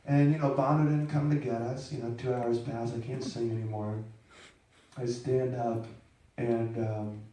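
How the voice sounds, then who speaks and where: A man's voice: medium pitch, little pitch movement, moderate pace, warm tone, heavy reverb, recorded from a distance. A man telling a personal story to a live audience, rambling and self-deprecating, with many restarts.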